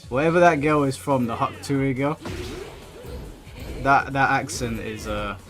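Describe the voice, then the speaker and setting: Man, British accent, casual stream host, reads chat aloud, mid pitch, music playing behind. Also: a little slow. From United Kingdom. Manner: chatty, reads viewer comments aloud and answers them. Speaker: streamer hosting an online tournament.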